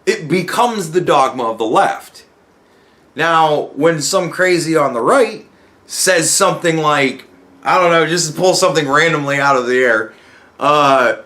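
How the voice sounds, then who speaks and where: A man's voice: sits high, very animated, measured pace, pushed and bright. A man hosting a podcast who talks in a casual, profane monologue and acts out other people's replies. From United States. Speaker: podcast host.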